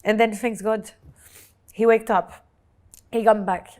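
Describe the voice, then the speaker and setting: A woman, telling her own life story as an interview guest in an earnest, halting way, often repeating words when moved. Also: mid-range voice, steady tone, darkish tone. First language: French. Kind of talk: emotional personal storytelling. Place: Dubai.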